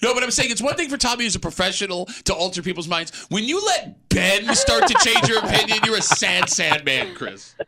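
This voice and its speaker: A man in his forties hosting a morning radio show, teasing callers and co-hosts in a loud, excitable way. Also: high-pitched, brisk, few pauses, crowd noise. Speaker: radio host.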